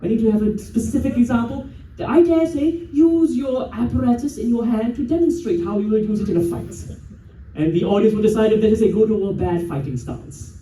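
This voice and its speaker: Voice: medium pitch, brisk. Theatrical host in an echoing hall. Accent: non-local. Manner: playful, theatrical, teasing the audience. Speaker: game show host. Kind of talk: live comedy game show hosting. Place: large convention hall with live audience. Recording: echoey hall, distant mic, loud background noise.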